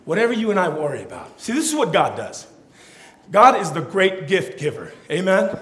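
A young man preaching a sermon to a live audience, animated and playful, acting out little scenes. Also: high-pitched, moderate pace, reverberant. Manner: animated, playful, acts out quotes with voices. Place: hall or church with an audience.

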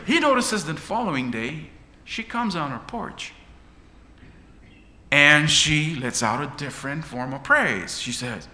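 A man preaches with dramatic swells, his pitch leaping and dropping through the sermon. His tone is bright and ringing. A long reverb follows him around a church hall, with a faint hum of ambience behind. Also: expressive, takes it slowly, long pauses. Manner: dramatic, rising and falling delivery.

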